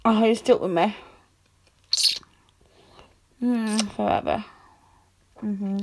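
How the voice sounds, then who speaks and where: A young woman in a girlfriend comfort audio role-play, speaking in a soothing, tender, reassuring way with soft hushing. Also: medium pitch, very slow, vocal fry, a little hiss or hum.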